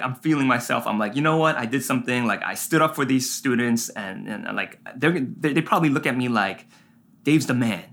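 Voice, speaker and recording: A man, a pastor, preaching a sermon and telling a personal story in an animated way, full of fillers and asides. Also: medium pitch.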